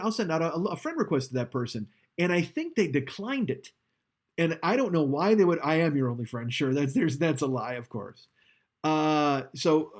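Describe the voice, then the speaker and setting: A man hosting a casual live stream, rambling and swearing with self-mocking humor while leaning back from his microphone. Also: a little high. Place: home streaming setup, indoors. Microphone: studio microphone, leaning back from it.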